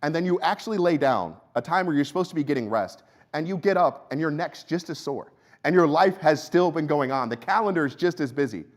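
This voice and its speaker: A young adult man, a pastor, preaching a sermon in a church in a conversational storytelling way, dropping his voice low and quiet when he tells a personal story. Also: lively intonation, brisk. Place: church sanctuary.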